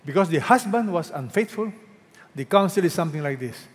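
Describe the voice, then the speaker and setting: Preaching man, high voice, long hall reverb. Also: expressive. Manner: preaching with rhetorical questions to the congregation; swings between loud emphatic peaks and hushed drawn-out quotes. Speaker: pastor. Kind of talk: sermon.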